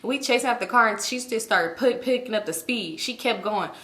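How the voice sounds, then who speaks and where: A woman in her thirties tells a story to her viewers in loose, profane chat, jumping higher whenever she gets worked up. Her voice sits a little high. The room around her has a noticeable echo. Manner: profane, animated retelling with quick jumps up in pitch. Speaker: storytime vlogger. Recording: echoey room.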